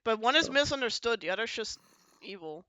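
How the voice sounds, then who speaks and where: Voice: mid-range voice, lively intonation, brisk, a crowd in the background, rough recording. A podcast host casually recapping a roleplay event. The host rambles with lots of fillers, jumps from point to point and acts out quoted lines.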